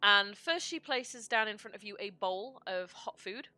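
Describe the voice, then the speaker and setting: A woman narrating a tabletop game as game master, describing scenes with unhurried pauses. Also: mid-range voice, lively intonation, pushed and bright, no echo.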